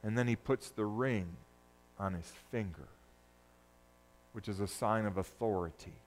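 A man preaching a sermon, moving between loud, urgent peaks and hushed, low passages. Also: measured pace. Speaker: pastor.

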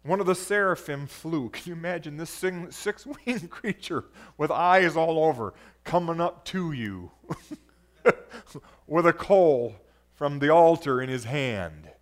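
This sermon comes from a man with a fairly high, animated voice speaking at a measured pace. Reading scripture emphatically, he rises to loud exclamations and calls out to the audience for responses.

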